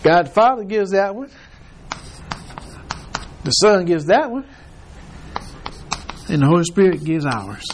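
A man's voice: sits high, sing-song, a little slow, pauses often, a little hiss or hum. A male preacher giving a sermon, reading scripture and then retelling it in casual everyday words with repeated phrases.

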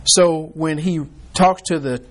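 A man's voice: fairly high pitch, fairly even intonation, slow. Chatty man teaching a Bible study. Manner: conversational, restarts often, acts out reactions.

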